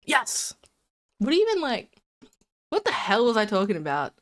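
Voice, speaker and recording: A woman's voice: fairly high pitch, wildly swooping pitch, moderate pace. A woman streamer chatting casually to her viewers, rambling and giggly, while sick with a cold. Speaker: live streamer. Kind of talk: casual live-stream chat.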